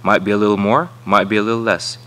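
A cocky, evasive labor contractor, read aloud by a man. His voice is bright and forceful, pitched a little low. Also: steady tone, fast talker, close to an everyday voice.

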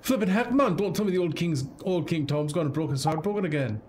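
A man's voice: fairly high pitch, expressive, fast, a little mellow, slight background noise, voice pushed up, close to an everyday voice. A man voicing a chatty, cheeky little male fairy sidekick, full of slang and tag questions.

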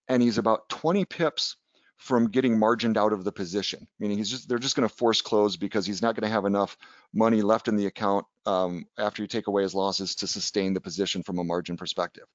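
His voice is fairly low and steady in tone, a little fast, with lo-fi sound and no echo. The man is a trading educator in a casual webinar lecture who chats, tells stories, and punctuates points with "right?"

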